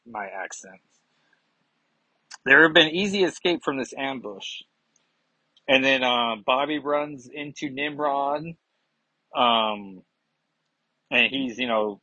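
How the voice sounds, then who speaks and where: Man, casual comic review, rambling, husky voice, dry muffled sound. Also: mid-range voice, pushed and bright, dry recording. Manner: chatty, rambling, self-mocking. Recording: dull lo-fi sound.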